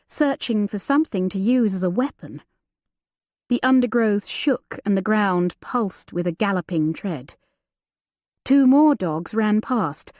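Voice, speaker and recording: Woman narrator, unhurried, deliberate, dry close sound. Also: medium pitch, darkish tone, no echo. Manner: measured, deliberate storytelling. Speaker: audiobook narrator. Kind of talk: scripted narration.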